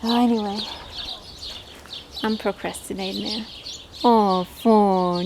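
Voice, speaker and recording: A woman's voice: medium pitch, steady tone, a little slow, noisy background. A woman chatting casually to camera about her poultry in a backyard, talking to her birds as she goes. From Australia. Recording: outdoor recording with loud birdsong.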